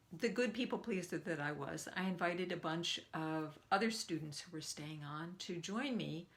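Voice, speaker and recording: An older woman coaching a live online group, telling a personal story and acting out the quoted lines with lively jumps in pitch. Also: moderate pace, hardly any pauses. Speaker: speaking coach.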